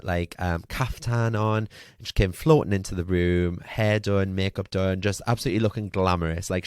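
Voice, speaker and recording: Guy rambling through a story on his podcast, kinda low voice, lots of likes and ums, super dry mic. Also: no room sound. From Newcastle, UK. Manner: chatty, animated, lots of fillers and swearing. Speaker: podcast host. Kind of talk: casual storytelling monologue.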